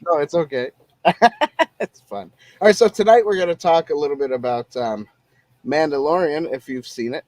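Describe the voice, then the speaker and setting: A man's voice: on the high side, moderate pace, a little mellow, no room sound. A man hosting a casual live-streamed talk show, chatting loosely and laughing often.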